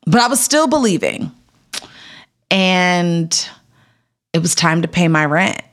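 A woman in her thirties, an actor being interviewed, telling a candid personal story in a casual, filler-heavy way and acting out the voices she quotes. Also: slow. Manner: animated, acts out quoted voices with big pitch jumps; casual, filler-heavy, laughs between lines.

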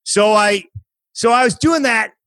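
A man's voice: sits high, a little slow, fairly bright tone, no echo, low-quality recording. A man, a comedian guest on a podcast, telling stories in a rambling, self-mocking way during casual chat.

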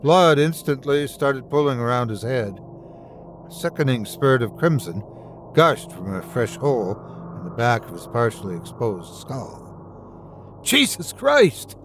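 A man's voice: medium pitch, lively intonation, moderate pace, slight background noise. A man narrating a first-person horror story with suspenseful, dramatic storytelling.

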